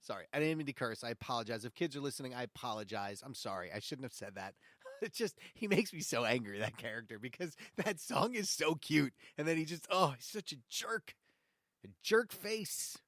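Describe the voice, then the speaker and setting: A man hosting a show-tune radio program, chatting casually with mock-angry rants and quick apologies. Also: mid-range voice, animated, fairly bright tone, no echo, clean studio sound. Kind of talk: casual commentary on show tunes.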